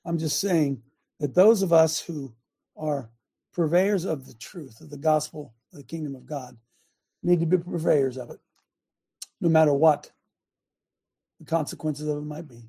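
An older man who hosts a Christian talk show, delivering an impassioned preaching rant that swings between loud emphasis and quiet asides. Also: a little high, moderate pace, vocal fry, pauses often, husky. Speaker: show host, former football coach.

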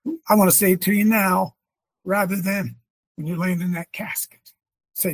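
A man leading a prayer gathering, talking in an animated preachy way and quoting scripture. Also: high-pitched, moderate pace, long pauses, slightly rough, no room sound. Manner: animated, exclaims and quotes scripture. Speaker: leader of a men's prayer gathering. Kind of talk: preachy casual chat.

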